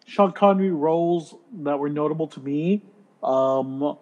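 A man's voice: a little high, measured pace, darkish tone, muffled recording. A man co-hosting a podcast in casual chat, joking, laughing and swearing freely. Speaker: podcast co-host.

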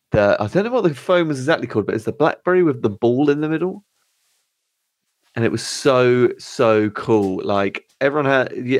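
A low-voiced man co-hosting a casual podcast. He chips in with dry, teasing asides. The sound is close and dead, with no room echo. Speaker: podcast co-host.

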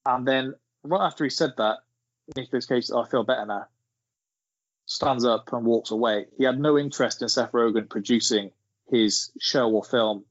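A man's voice: mid-range voice, normal speed, dry recording. A man, rambling through an anecdote in casual podcast chat. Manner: rambling storyteller, laughing as he tells it. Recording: dull lo-fi sound.

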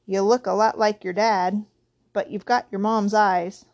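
A woman voicing a huge, shaggy, good-natured male giant in a storybook reading, gruff and homely in manner, with dialect-tinged speech. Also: medium pitch, steady tone, a little slow, darkish tone, dull audio, lightly acted. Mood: gruff friendly.

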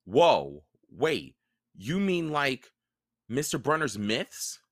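A man's voice: mid-range voice, sing-song, very slow, a bit bright, dry recording, studio quality, pitched above the performer's own voice, heavily acted. A man voicing a confused teenage boy who keeps firing off incredulous questions. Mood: bewildered.

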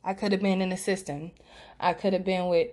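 A young woman on her podcast speaks candidly and emotionally, her voice sitting a little low for a woman. She talks with frequent fillers and self-corrections, telling a personal story from a room outside her usual setup. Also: little pitch movement, fairly quick, a little mellow. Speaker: podcast host. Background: outside noise through an open window.

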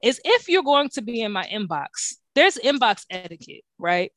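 A young woman co-hosting a casual chat, telling stories with lots of swearing and big swings in pitch. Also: normal speed, no room sound, clean studio sound. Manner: profane, animated storytelling with big pitch swings. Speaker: podcast co-host.

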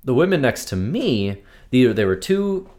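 Chill guy on a podcast, kinda hesitant, pitch bounces around a lot. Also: big pitch swings, a little slow, a little mellow. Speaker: podcast co-host. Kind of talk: casual chat.

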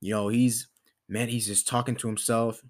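A man's voice: medium pitch, little pitch movement, normal speed. A man hosting a podcast, talking in a casual motivational monologue, rambling with lots of fillers and restarts. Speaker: podcast host.

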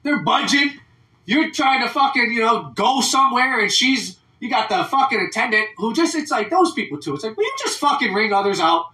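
An American man hosting a podcast, ranting loudly and profanely in casual talk, mimicking people in mocking voices. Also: extremely high pitch, animated, fairly quick, few pauses. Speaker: podcast host. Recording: roomy, mic at a distance.

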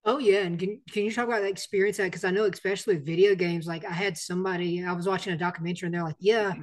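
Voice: mid-range voice, steady tone, rapid-fire. A podcast host asks questions in casual interview chat, often restarting sentences.

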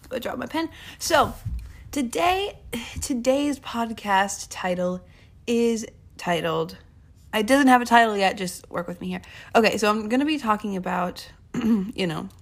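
A woman's voice: medium pitch, a little hiss or hum. Rambling young woman hosting a chatty podcast. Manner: rambling, chatty, self-interrupting. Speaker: podcast host. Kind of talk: casual Christian podcast talk.

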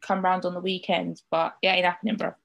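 A woman's voice: fairly low pitch, flat delivery, fast talker, gravelly, fairly bright tone. A woman chatting casually on a podcast, frank and blunt, swearing now and then.

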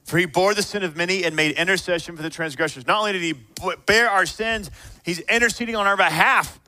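A man preaching a sermon in a conversational way, moving between hushed reflection and fired-up encouragement. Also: high voice, fast talker. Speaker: pastor.

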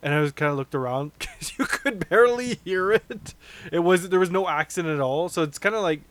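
Joking higher-voiced male podcast co-host. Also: fairly quick, a bit bright. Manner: joking, reads rumors aloud. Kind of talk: casual chat.

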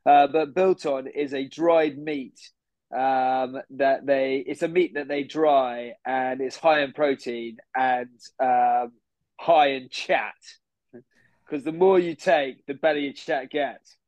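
A man's voice: medium pitch, fairly even intonation, slow, darkish tone, dry recording, muffled recording, lightly acted. A man playing a pompous young bro who boasts and rambles, in an improvised comedy podcast. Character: smug posh young City bro, boastful gym fanatic. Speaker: podcast guest.

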